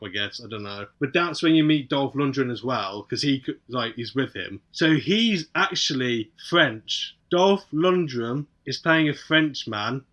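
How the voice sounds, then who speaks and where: Casting: guy, podcast co-host, lively pitch, bright tone, laughs and swears through his film recap. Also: normal speed, few pauses. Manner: laughs often, swears, animated retelling with mimicked quotes. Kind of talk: casual chat.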